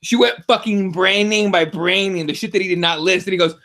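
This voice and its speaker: A man co-hosting a combat sports podcast, talking in a casual, profane, excitable way and telling stories with lots of animation. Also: sits high, brisk, few pauses. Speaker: podcast co-host.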